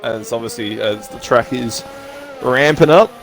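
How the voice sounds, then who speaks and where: A man calling a sim race with plenty of playful banter. His pitch leaps up high whenever he gets excited, then settles back into easy chat. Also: a little slow, gravelly, faint music behind. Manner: excitable, jokey banter with sudden high yelps. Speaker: co-commentator. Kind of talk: sim racing commentary.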